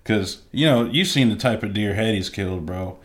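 Male podcast co-host, relaxed, laughs a lot, casual slang-heavy banter. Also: on the low side, moderate pace. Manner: laid-back, laughs often, slangy and profane.

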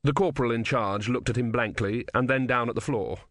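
A man narrating an audiobook with expressive storytelling. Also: medium pitch, a little fast, no room sound, clean studio sound. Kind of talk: scripted narration.

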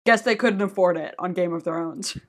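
A woman's voice: fairly low pitch, normal speed. A woman co-hosting a podcast, talking bluntly with swearing and many fillers. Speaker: podcast co-host. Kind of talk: casual chat.

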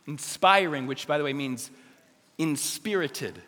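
Energetic male youth preacher, bright tense tone, big reverberant hall. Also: a little high, unhurried. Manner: energetic, joking, speaks straight to teens. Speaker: youth pastor. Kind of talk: youth sermon.

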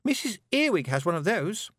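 A man puts on a snooty young girl witch, pitched well above his own voice and prim in every word. It is a storybook reading, recorded dry and close. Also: very animated, moderate pace, a bit bright, husky, dry recording, heavily acted.

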